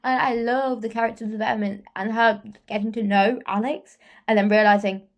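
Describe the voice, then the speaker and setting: A woman's voice: a little high, steady tone, a little fast. A woman reviewing a book in a casual vlog, gushing and repetitive, tagging "okay?" onto her sentences.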